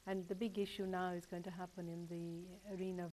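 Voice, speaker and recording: Measured woman guest with a low, mellow voice. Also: flat delivery, a little hiss or hum. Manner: measured, thoughtful. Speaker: guest, solicitor. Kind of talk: studio discussion.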